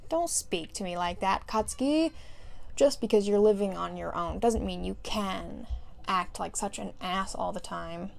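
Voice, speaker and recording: A woman reading a story aloud and voicing a brash, loud middle-aged mother who gushes over the children and scolds her son. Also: medium pitch, a little slow, gravelly. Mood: scolding. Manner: sing-song and scolding by turns.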